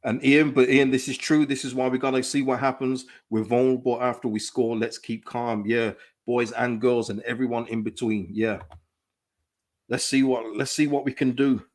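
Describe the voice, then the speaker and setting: A man's voice: medium pitch, normal speed. A man hosting a live football watchalong stream, chatting casually, reading out viewers' comments and laughing often. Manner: excitable, reads out chat comments, laughs often. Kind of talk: casual live reaction chat.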